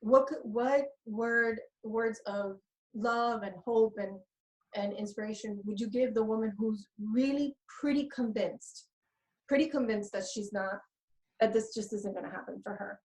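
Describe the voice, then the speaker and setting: A woman's voice: on the high side, measured pace, poor audio. A woman co-hosting a live online coaching event, earnest and affectionate, near tears as she thanks a client. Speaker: co-host, love coach. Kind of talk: warm emotional live webinar talk.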